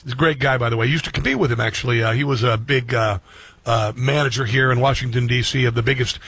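Husky middle-aged male talk host. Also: mid-range voice, steady tone, fast talker, fairly bright tone, no echo. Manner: earnest, conversational, repeats phrases for emphasis. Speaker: radio and streaming talk show host. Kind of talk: personal monologue to listeners.

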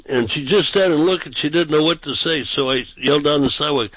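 A man's voice: on the high side, fast talker, few pauses, a bit bright, slightly rough, no echo, poor audio. A man who is a pastor and street preacher, telling anecdotes casually and acting out the quotes in a raised voice. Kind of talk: casual storytelling on a talk show.

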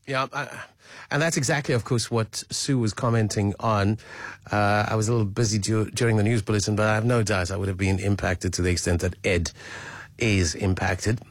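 A man's voice: on the low side, fairly even intonation, a little fast, dry recording. A man hosting a radio talk show, speaking in a thoughtful, hesitant way with many fillers. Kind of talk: casual radio talk, reading listener messages.

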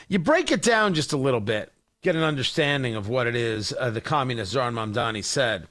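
A man's voice: medium pitch, sing-song, measured pace, a bit bright. A man hosting a talk radio show, delivering a combative, mocking political monologue.

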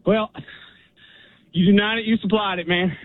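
A man, out of breath, giving a jokey deadpan mock interview. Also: high-pitched, normal speed. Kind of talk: mock post-ride interview. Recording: tinny phone-like radio broadcast.

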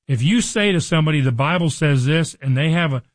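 Guy doing radio bible teaching, kinda high voice, earnest and chatty, dry close mic. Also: brisk, dry recording. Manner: earnest, conversational, acts out voices in quotes.

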